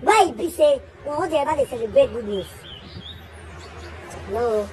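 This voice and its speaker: A woman's voice: high-pitched, expressive, normal speed, a little mellow, slight background noise. A Nigerian woman giving an emphatic, scolding spoken message, firing off repeated questions. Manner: scolding, defending a friend. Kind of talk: casual spoken message to the camera.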